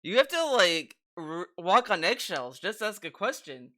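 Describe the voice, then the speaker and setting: A man's voice: high voice, big pitch swings, measured pace, bright, forceful tone. A man streaming, reacting to a video with incredulous, mocking casual commentary and swearing.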